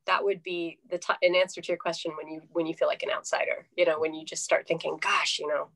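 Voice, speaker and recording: A woman from California, a podcast guest, talking in a reflective, halting way with frequent restarts. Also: on the low side, little pitch movement. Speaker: podcast guest, singer-songwriter. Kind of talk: casual interview chat.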